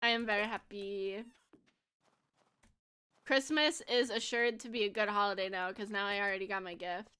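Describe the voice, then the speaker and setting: A woman's voice: medium pitch, steady tone, moderate pace, pauses often, bright, forceful tone, clean tone. A woman in her twenties chatting casually on a gaming livestream, bubbly and giggly, rambling with lots of fillers. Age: 20s. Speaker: streamer.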